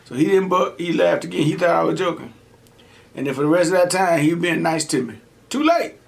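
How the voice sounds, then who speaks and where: A man's voice: fairly high pitch, fairly quick, creaky. A man hosting a mukbang, casually telling stories while he eats and acting out the people he quotes, in slangy, laid-back street talk. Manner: animated, emphatic, acts out the people he quotes. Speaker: mukbang host. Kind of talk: casual storytelling while eating on camera.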